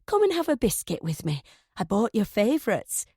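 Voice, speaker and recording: Woman reading as an older landlady, sweetly motherly and unsettling; mellow, dry audiobook read. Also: medium pitch, wildly swooping pitch, normal speed, husky, no room sound. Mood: coaxing. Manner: coaxing, motherly.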